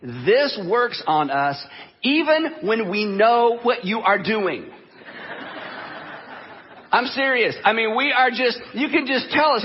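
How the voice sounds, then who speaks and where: A man preaching a sermon in an animated, conversational way, acting out the quotes as he goes. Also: very high-pitched, unhurried, husky, long reverb tail, dull audio. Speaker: pastor.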